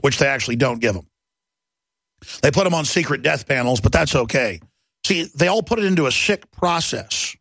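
Man, talk show host, gravelly, fairly high voice, heated mocking rant, dry close sound. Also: sing-song, fairly quick, no room sound. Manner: loud, mocking, mimics others in shrill voices.

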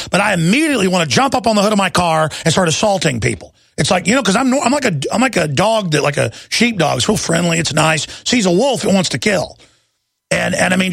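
Gravelly, ranting talk radio man. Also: sits high, fairly bright tone, no echo, clean studio sound. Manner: ranting, impassioned, rough-voiced. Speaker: radio talk show host. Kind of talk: heated talk radio monologue.

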